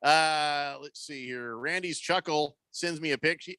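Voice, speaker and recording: A man's voice: on the high side, measured pace, bright, forceful tone, clear, resonant tone, no room sound. A man hosting a sports radio show, chatting casually, joking and reading out listener texts. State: losing his voice. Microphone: studio microphone.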